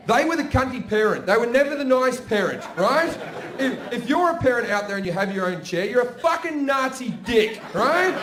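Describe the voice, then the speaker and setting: A high-pitched, somewhat bright voice belongs to an Australian stand-up comedian doing a crude set of stories laced with swearing and asides. The audience laughs as the roomy live venue sound surrounds him on stage.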